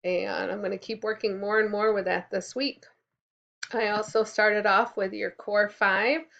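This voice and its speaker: Her voice medium in pitch and a bit bright, a woman teaches kindergartners in a recorded lesson, speaking clearly, encouraging them, and prompting them to repeat her words. The sound is lo-fi.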